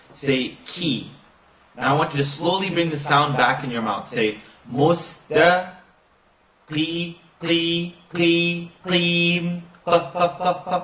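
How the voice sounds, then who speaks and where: A man gives a recitation lesson, stretching syllables slowly and half-chanting each phrase. His voice sits a little high and comes from some distance in an echoey room. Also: a bit bright. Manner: slow drawn-out demonstration of sounds, chanting recitation. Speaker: recitation teacher. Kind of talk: pronunciation lesson.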